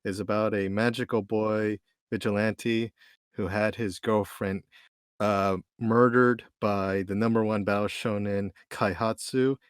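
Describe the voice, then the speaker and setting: A man's voice: lowish voice, fairly even intonation, unhurried, clear, resonant tone, no echo, clean studio sound. A man appearing as a guest on a casual podcast, blunt and sweary. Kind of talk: casual group chat.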